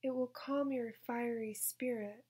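A woman voicing a gentle, pitying older woman at a convent, speaking calmly and kindly. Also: fairly high pitch, a little slow, breathy edge.

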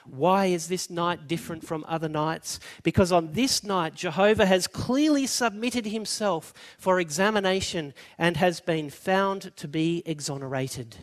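A man's voice: sits high, measured pace, hardly any pauses. A middle-aged Australian man preaching a sermon, telling stories and building to emphatic declarations. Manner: storytelling, rising to emphatic declaration.

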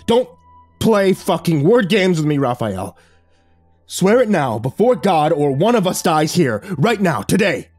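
A man voicing a volatile, grief-stricken fighter who growls and talks roughly in a horror story reading. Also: lowish voice, flat delivery, normal speed, hardly any pauses, dark tone, no room sound, faint music behind, exaggerated voice. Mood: raging.

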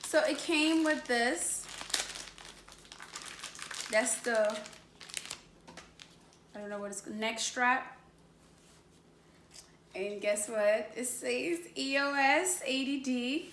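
High-pitched young woman gushing over an unboxing, echoey room with a little hiss behind. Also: drawn-out words, pauses often. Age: 20s. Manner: gushing, exclaims often, laughs between remarks. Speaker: YouTuber. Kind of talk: excited unboxing vlog. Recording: echoey room with faint noise.

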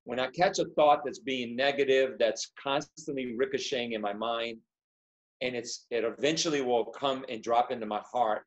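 An earnest male pastor speaks over a video call. He often repeats words and restarts phrases as he works through his point. His voice has an ordinary middle pitch for a man. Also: fairly even intonation, normal speed, lo-fi sound. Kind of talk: casual video-call conversation.

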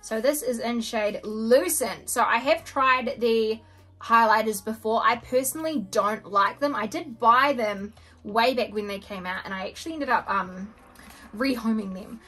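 A woman's voice: fairly high pitch, measured pace. A young woman chatting casually as she unboxes makeup, gushing and gasping, sometimes dropping to a whisper. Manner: gushing, excitable, frequent gasps and soft whispers. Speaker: beauty vlogger.

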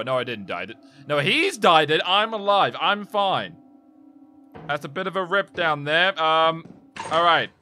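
A man narrating his co-op horror game with a lively voice that jumps all over the place. He sits a little high for a man, yelps when something startles him and hushes to a whisper when he feels in danger. Background music plays clearly under him. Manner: jumpy, yelps and drops to a whisper when scared. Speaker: gaming YouTuber. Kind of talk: excited co-op horror game commentary.

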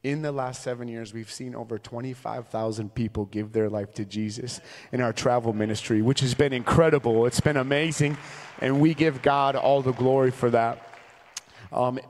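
A man's voice: medium pitch, steady tone, moderate pace, darkish tone. A man in his thirties from Minnesota, a traveling evangelist preaching a sermon with humorous, conversational storytelling. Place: large church sanctuary. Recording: long reverb from a large church hall.

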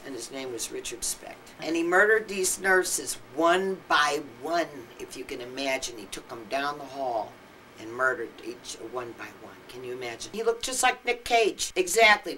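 Blunt, salty older woman with a low voice. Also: fairly bright tone. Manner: blunt, salty, laughs through her stories. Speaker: interviewee recalling her acting career. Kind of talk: candid anecdotal storytelling. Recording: distant mic with faint background noise.

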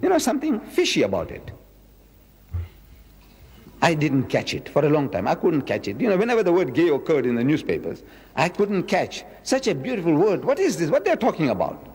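A man in his seventies giving a public religious lecture, emphatic, repeating key words and slowing down to quote verses. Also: a little high, huge pitch swings, a little mellow, slightly rough, in a large hall. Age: 70s.

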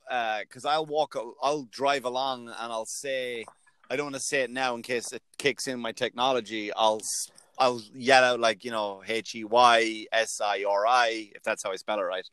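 A man's voice: mid-range voice, moderate pace, fairly bright tone, smooth, dry recording. A man who is a comedian and podcast host, talking in a rambling, self-mocking way and swearing often in casual chat.

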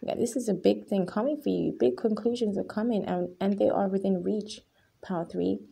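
A woman leads a pick-a-card tarot reading with a mellow, husky voice that often drops into gravelly fry. She talks earnestly and emotionally, and hammers her points home by repeating them. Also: medium pitch, steady tone, moderate pace. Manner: emphatic and repetitive, often addressing viewers as guys. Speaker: tarot reader.

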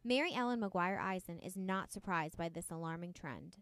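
A teenage girl anchoring a school news broadcast, reading her script in a steady, measured way. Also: lowish voice, no echo. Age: teens.

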